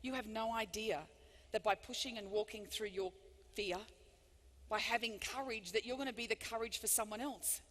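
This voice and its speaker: Brief: high, bright woman as a motivational keynote speaker, emphatic and animated, big hall reverb. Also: moderate pace. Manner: animated and emphatic, with big swings from loud to hushed. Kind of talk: live keynote speech. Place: large hall before thousands of people.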